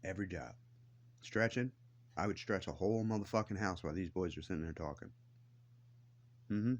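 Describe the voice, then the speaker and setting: A man's voice: low-pitched, a little fast. A man ranting to the camera in a blunt, defiant way, swearing heavily as he tells his grievances. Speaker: vlogger. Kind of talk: angry profane rant to camera.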